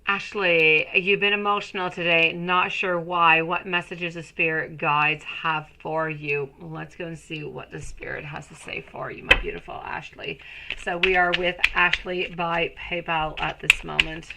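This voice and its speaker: A woman's voice: on the low side, little pitch movement, a little slow, creaky, few pauses, heavy background noise. A woman giving a live-stream tarot reading, soothing and rambling, often calling viewers sweetie. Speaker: tarot reader.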